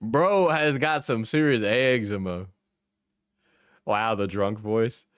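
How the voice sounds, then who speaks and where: A man's voice: on the low side, takes it slowly, clean tone, no room sound, clean studio sound. Sarcastic tired male streamer. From Wisconsin. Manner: sarcastic, joking, laughs a lot. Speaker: streamer reacting to videos. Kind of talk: live stream commentary.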